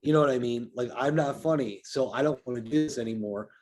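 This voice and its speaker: A man's voice: mid-range voice, fast talker, darkish tone. A man guesting on a podcast in casual chat, frank and swearing a lot as he rants.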